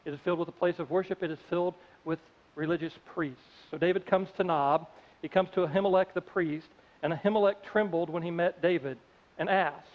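A male pastor delivers a conversational, story-driven sermon, taking on the characters' voices as he goes. His pitch is high, and the dull-sounding audio carries a long reverb from a big church hall.

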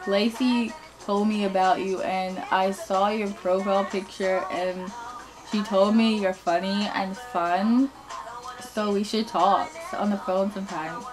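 A woman putting on the low, mumbling voice of a shy but persistent teenage boy on the phone. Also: fairly even intonation, a little slow, over music, close to an everyday voice, low-quality recording. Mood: awkward.

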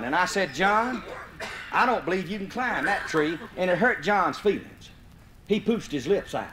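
A man from Mississippi with a Southern US accent, telling a folksy comic story to a live audience and breaking into hollers. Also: fairly high pitch. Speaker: comedic storyteller. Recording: vinyl live recording, roomy, faint hiss.

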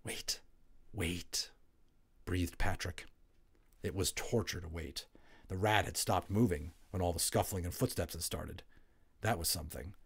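A man narrating a children's novel aloud, expressive and building tension, dropping to hushed tones in quiet moments. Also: sits low, moderate pace, creaky, breathy edge. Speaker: audiobook narrator. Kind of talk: storybook read-aloud narration.

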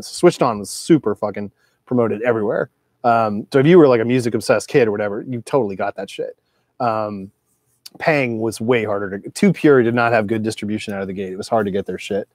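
A man's voice: fairly low pitch, a little fast, darkish tone, dry recording, studio quality. A man in his forties who collects records, talking through his collection in a loose, digressive monologue full of swearing. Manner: profane, digressive, loose with filler words. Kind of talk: casual rambling monologue.

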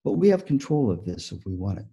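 A man giving a motivational keynote talk on music teaching, an animated storyteller who acts out the story. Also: lowish voice, quick pace, breathy edge. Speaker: music education speaker.

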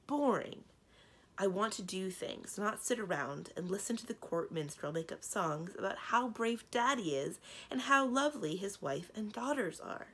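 A woman's voice: mid-range voice, animated, moderate pace, a bit bright, slightly rough. A woman voicing a spirited, bored young princess who talks bluntly and headstrong. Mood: defiant.

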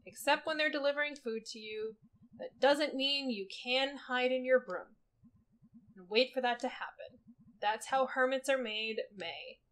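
A woman's voice: sits high, fairly bright tone, low-quality recording. A woman reading the lines of a moody, sarcastic young female cat from a video game, muttering self-deprecating doubts. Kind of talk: reading game dialogue aloud.

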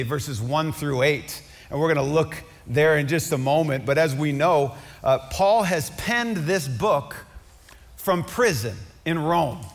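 A male pastor preaching with fervent swings between loud climaxes and hushed conversational asides. His voice sits high for a man. The sound carries the long reverb of a large church hall. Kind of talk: sermon.

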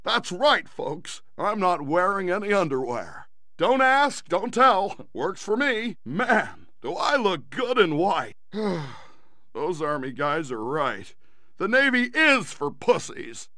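An actor voicing a cocky, crude soldier in a video game, who boasts smugly. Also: male voice, high voice, sing-song, slow pace, bright, forceful tone, no room sound, clean studio sound, heavily acted.

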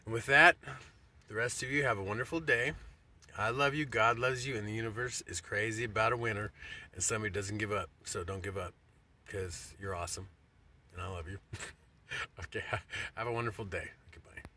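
A man's voice: on the low side, fairly even intonation, brisk, long pauses, pushed and bright, slight background noise. A middle-aged man telling a rambling, profane story in a casual monologue, restarting his sentences often. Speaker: vlogger.

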